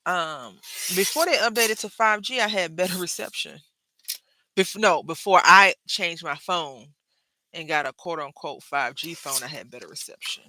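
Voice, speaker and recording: A bright, forceful-sounding woman talks casually to her viewers while she crafts. She drifts from the project into stories and addresses the audience directly. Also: lowish voice, normal speed, slight background noise, rough recording. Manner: chatty storyteller, drifts between crafting and anecdotes. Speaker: craft vlogger.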